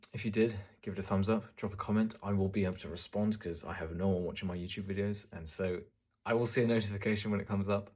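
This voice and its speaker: A man's voice: low-pitched, husky. A young man giving casual advice in a talking-head video, chatty and joking, often restarting his sentences. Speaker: fitness business YouTuber.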